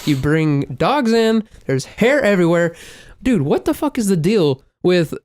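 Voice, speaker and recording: A man co-hosting a podcast, telling stories in a casual, profane and animated way, with loud exclaimed quotes. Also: high-pitched, a little slow, no echo, studio quality. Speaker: podcast co-host. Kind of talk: casual chat, storytelling.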